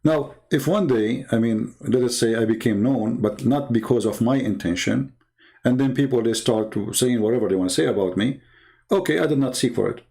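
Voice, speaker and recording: Gravelly-voiced man talking earnestly. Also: mid-range voice, brisk, mellow. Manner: earnest, emphatic, repeats himself while telling an anecdote. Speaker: Christian debater. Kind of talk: casual personal monologue.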